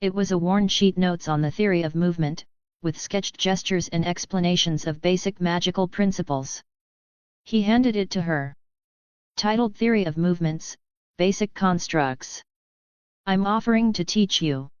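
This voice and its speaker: Brief: woman narrator, low smooth voice, even measured audiobook reading. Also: no echo, dull audio.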